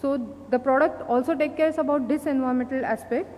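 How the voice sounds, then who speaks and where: A woman with an Indian English accent giving a conference presentation, halting often with fillers and restarts. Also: high voice, steady tone, darkish tone. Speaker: company speaker at an industry event. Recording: long hall reverb, faint noise.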